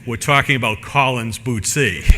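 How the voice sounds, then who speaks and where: A man's voice: medium pitch, takes it slowly, a bit bright, big-room sound, a little hiss or hum. A man giving a technical conference talk in a casual, rambling way, full of fillers and restarts. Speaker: conference speaker. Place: conference room.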